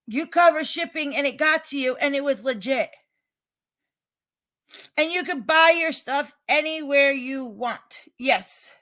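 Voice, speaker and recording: A woman with a regional American accent, talking to her livestream chat in a high, bright voice. She rambles and restarts her sentences, and her emphatic delivery turns loud when she is upset. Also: measured pace. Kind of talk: casual chat, defensive and venting.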